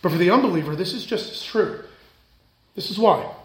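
A pastor with a high, light voice delivers a sermon, repeating his key phrases for emphasis. He moves between loud, pressing lines and quiet, hushed ones. The sound bounces around an echoey church hall. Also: expressive, fairly quick. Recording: echoey room.

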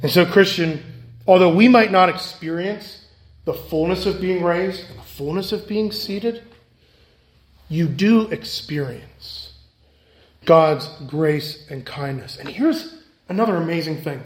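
A pastor with a high, light voice delivers a sermon, repeating his key phrases for emphasis. He moves between loud, pressing lines and quiet, hushed ones. The sound bounces around an echoey church hall. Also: unhurried. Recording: echoey room.

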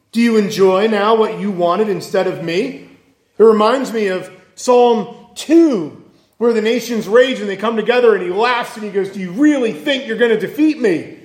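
His sermon ringing through an echoey church hall, a high-voiced, slightly mellow preacher speaks with earnest emphasis, relying on repeated phrases and rhetorical questions.

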